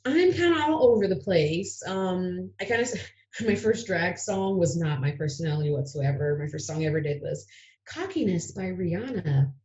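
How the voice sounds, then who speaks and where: A woman's voice: on the low side, expressive, moderate pace, darkish tone, highs cut off. A woman chatting as a podcast guest, giggly and rambling, often trailing off. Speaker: podcast guest, drag performer. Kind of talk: casual chat.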